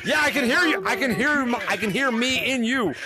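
A man hosting a VR gameplay video, excitable and playful, chatting with players through a headset mic in a game lobby. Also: extremely high pitch. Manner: excitable, playful, talks fast over others. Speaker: gaming content creator. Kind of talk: casual VR gameplay commentary. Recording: crowded game voice chat. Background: many other players chattering in the lobby.

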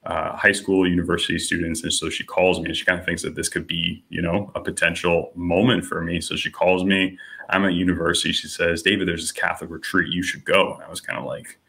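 A young man with a low, deep voice that still has a bright, forceful edge tells his story in a relaxed podcast chat. He leans on "you know" and "like" and slips into the voices of the people he quotes as he goes. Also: a little fast, vocal fry. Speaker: podcast guest. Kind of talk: personal testimony in casual conversation.

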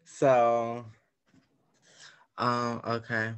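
Hesitant teen boy, slow speech. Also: mid-range voice, completely flat delivery, fairly bright tone, clean tone. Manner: hesitant, many fillers. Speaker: student actor. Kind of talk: hesitant meeting reply.

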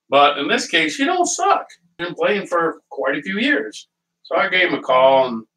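Heard from a distance, a middle-aged man with a sharp tone and a voice on the high side hosts a cooking show from his home kitchen. Chatting casually as he cooks, he rambles through stories and laughs frequently.

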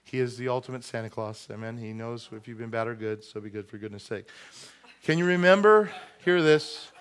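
A man's voice: mid-range voice, brisk, smooth. A male pastor preaching a conversational sermon with joking asides, in a church sanctuary.

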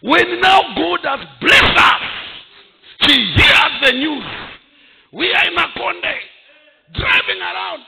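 A man, preaching a sermon as pastor, breaking into shouted bursts and chuckles. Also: extremely high pitch, takes it slowly, vocal fry, noisy background. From Zambia.

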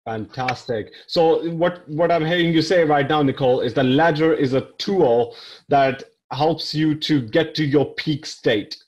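A man's voice: fairly high pitch, a little slow, highs cut off. A man hosting a podcast interview, summing up what his guest says. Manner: summarizes the guest's point back. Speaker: podcast host.

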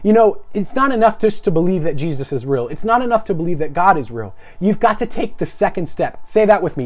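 A young man preaching an energetic live-streamed sermon, asking viewers to repeat phrases after him. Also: high voice, brisk, few pauses.

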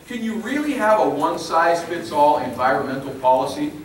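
Heard distantly in an echoey hall with some faint noise, a man addresses a public meeting, forcefully repeating his main phrases to the crowd. His voice is a little high and sing-song, and he talks a little fast.

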